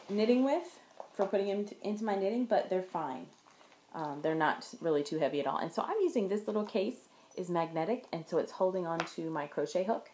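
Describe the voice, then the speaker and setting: A woman with a lowish voice chats casually to the camera as the host of a knitting show. She meanders and restarts her sentences while holding up her work. The room around her sounds roomy and echoey. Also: mellow. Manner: chatty, meandering, self-correcting while showing work to camera. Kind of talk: casual show-and-tell chat. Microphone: camera in front of her. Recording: roomy echo.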